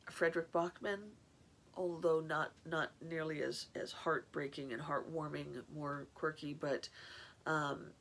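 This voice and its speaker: A woman from California hosts her craft podcast in an easygoing, rambling monologue. Her voice is strongly gravelly with constant vocal fry. It is also husky and breathy, and she often circles back to restart a thought. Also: deep voice. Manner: rambling, chatty, many restarts. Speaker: podcast host. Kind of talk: casual chat.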